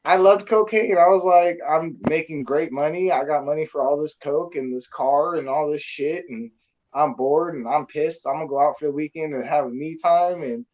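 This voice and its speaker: A man's voice: fairly high pitch, normal speed, darkish tone, highs cut off. A man from California telling a crude story in a blunt, profane, casual way. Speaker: storyteller guest.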